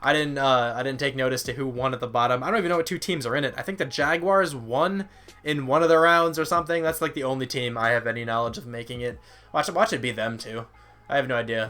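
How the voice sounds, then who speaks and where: A man's voice: medium pitch, a bit bright. A tired young man giving casual, rambling commentary on a football video game, reading out stats, his voice sometimes cracking. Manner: rambling, self-deprecating, reads out stats. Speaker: gaming YouTuber.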